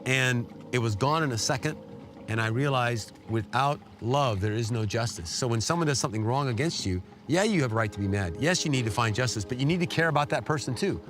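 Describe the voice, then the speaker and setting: A man's voice: expressive, a little fast. Earnest middle-aged man telling a war story. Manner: emotional, earnest storytelling with sudden rises in pitch. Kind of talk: personal testimony.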